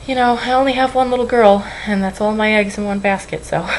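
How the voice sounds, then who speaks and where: A woman's voice: medium pitch, fairly even intonation, a little fast, slight background noise, poor audio. A young woman vlogging at home into a webcam, rambling and apologizing, anxious and close to tears. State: tearful. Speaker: weight-loss vlogger. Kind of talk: emotional webcam vlog.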